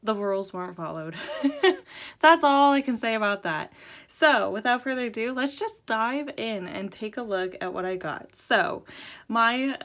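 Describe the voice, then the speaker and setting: A young adult woman hosting a casual show-and-tell video, excitable and giggly, her voice jumping up high when she's thrilled. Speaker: host.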